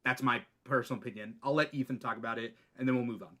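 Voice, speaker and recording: A man hosting a casual comics chat, excitable and opinionated, swearing now and then. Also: mid-range voice, fast. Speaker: host.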